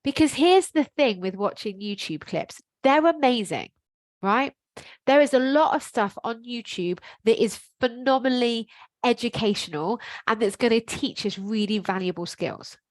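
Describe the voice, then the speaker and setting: Lively woman coaching to camera. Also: on the high side, normal speed, dry recording. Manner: lively, frank and emphatic, casual swearing. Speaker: life coach. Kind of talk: motivational coaching talk to camera.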